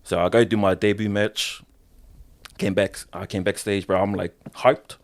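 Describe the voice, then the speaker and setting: Kiwi guy w a lowish voice, wrestler on a podcast, super casual, lots of bro and swearing. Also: fairly even intonation, moderate pace. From New Zealand. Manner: loose slangy talk, swears often, says "bro". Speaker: professional wrestler, podcast guest. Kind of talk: casual interview storytelling.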